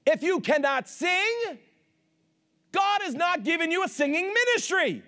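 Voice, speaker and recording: A man preaching a sermon with fervor, swinging between shouts and hushed asides and calling on the congregation for amens. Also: very high voice, sing-song, measured pace. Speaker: pastor.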